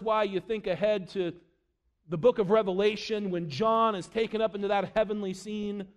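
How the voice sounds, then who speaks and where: A man preaching a sermon, dropping low and quiet for quoted scripture and rising for emphasis.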